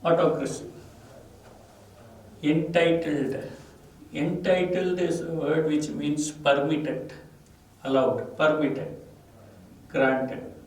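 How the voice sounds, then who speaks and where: Slow Indian English teacher, echoey room. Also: male voice, a little high, steady tone, a little mellow, recorded from a distance. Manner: slow, repeats each word and its meaning with stress. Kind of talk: classroom vocabulary lesson. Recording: echoey room, voice off-mic, faint ambient noise.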